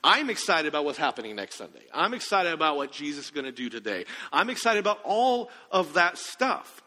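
Man, pastor preaching with a high voice that asks the room questions, in an echoing church hall. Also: very animated, brisk, sharp tone. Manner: conversational, asks the congregation questions. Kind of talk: sermon.

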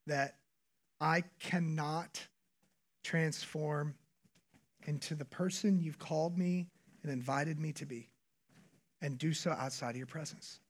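High-voiced pastor preaching a sermon. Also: male voice. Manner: moves from hushed, whispered prayer to raised, emphatic preaching.

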